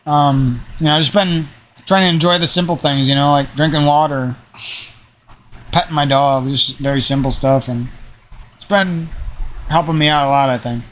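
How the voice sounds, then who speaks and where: A man's voice: fairly high pitch, moderate pace, a bit bright, slight background noise. A young man chatting in a casual, meandering way, swearing often and drifting into rants, with a slightly nasal voice. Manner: meandering, profane, ranting. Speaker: gaming channel host. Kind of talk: casual rambling chat.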